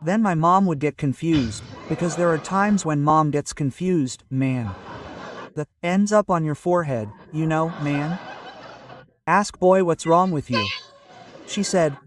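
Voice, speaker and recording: A man from Northeast Brazil, telling animated stand-up stories about his childhood and constantly checking in with the crowd. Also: on the high side, measured pace, distant mic. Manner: animated storytelling with frequent tag questions. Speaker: stand-up comedian. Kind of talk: stand-up comedy set. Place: stage in front of a live audience.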